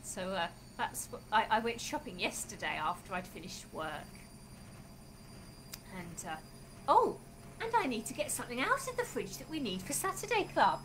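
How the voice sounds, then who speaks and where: A woman's voice: fairly high pitch, big pitch swings, moderate pace, a bit bright, slight background noise, low-quality recording. A woman hosting a Bible club for children, talking in a friendly way and calling out sing-song greetings.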